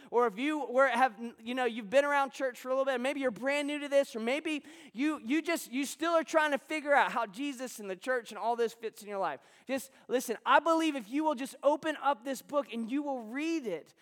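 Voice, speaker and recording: A man's voice: very high-pitched, long reverb tail. A male pastor preaching a sermon to a congregation at a church service, talking loosely and conversationally with restarts and asides to the room.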